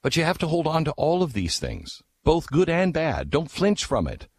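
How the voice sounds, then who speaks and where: A man tells a history story with passion at a moderate pace, his pitch swooping wildly and his voice carrying a breathy edge. He asks rhetorical questions and moves between low, hushed asides and raised, urgent lines on the key points.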